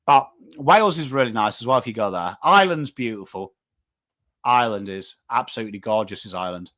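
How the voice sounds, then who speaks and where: A man's voice: on the low side, lively intonation, fairly quick, a bit bright. A man in his thirties with a northern English accent, hosting a live footy watchalong and chatting casually with viewers. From England. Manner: chatty, rambling, swears casually, reads chat names. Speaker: watchalong host. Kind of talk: casual live-stream chat.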